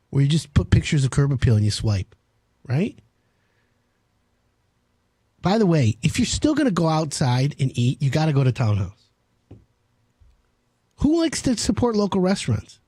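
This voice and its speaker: Male radio host, high husky voice, brash sales patter, dry close mic. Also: a little mellow, no room sound. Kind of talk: home improvement radio talk.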